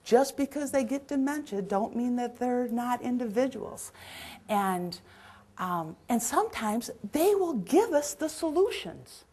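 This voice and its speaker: A middle-aged woman giving a caregiving seminar, telling stories from her work in an earnest, animated way. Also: a little high, unhurried, husky. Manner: earnest, storytelling, acts out scenes. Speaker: dementia caregiving trainer. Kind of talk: seminar storytelling.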